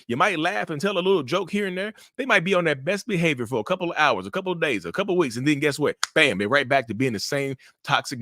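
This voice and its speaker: Animated man giving blunt relationship advice. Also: on the high side, dry recording, studio quality. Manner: animated, preachy, repeats himself, acts out inner voices. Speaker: mental health channel host. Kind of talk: casual advice monologue to camera.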